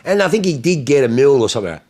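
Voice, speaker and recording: A man's voice: mid-range voice, fast talker, crowd noise. A man hosting a casual car chat, telling stories with plenty of swearing and acted-out quotes. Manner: animated storyteller, swears freely, acts out quotes.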